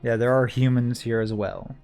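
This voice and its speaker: A man narrating a tabletop game as game master, in a relaxed way with many "uh" fillers. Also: medium pitch, normal speed, soft background music.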